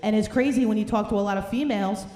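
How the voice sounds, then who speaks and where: A woman's voice: medium pitch, rapid-fire, mellow. A woman, doing a brash, profane, ranting stand-up set while hungover. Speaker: stand-up comedian. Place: comedy club stage. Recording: roomy club sound, faint noise.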